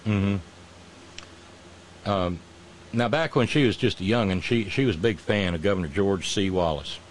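A man delivering a sardonic satirical monologue, mocking with drawn-out pauses and asides. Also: on the low side, a little hiss or hum. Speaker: comedic commentator.

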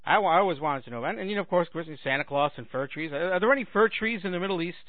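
A man's voice: sits high, expressive, fast, no echo, narrow, tinny audio. A man hosting a talk show, delivering a sarcastic comedic monologue with a ranting manner. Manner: sarcastic ranting with mocking put-on voices. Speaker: radio talk host.

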